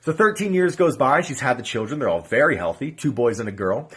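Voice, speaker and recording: A husky-voiced man tells a joke at a quick clip. His pitch bounces widely as he voices the characters. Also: sing-song, fairly bright tone. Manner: brisk, does character voices. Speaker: joke teller.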